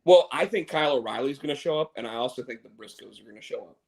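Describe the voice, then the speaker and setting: A man co-hosts a loose wrestling chat, his voice at an ordinary middle pitch. He rambles and restarts his sentences, firm in his opinions. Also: lively intonation, fast. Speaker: co-host.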